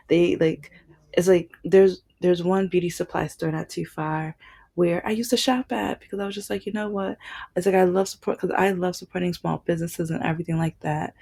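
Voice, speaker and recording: A woman's voice: fairly low pitch, creaky, dark tone. A woman vlogging in a casual, rambling monologue full of fillers and restarts.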